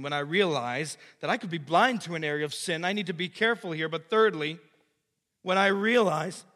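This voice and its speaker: A male pastor preaching a sermon emphatically, repeating phrases and swinging between loud and quiet. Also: on the high side, big-room sound. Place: church.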